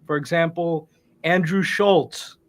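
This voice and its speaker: Man, co-host, high voice, wry and opinionated, casual podcast chat. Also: fairly even intonation, takes it slowly. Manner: opinionated and wry, slangy asides.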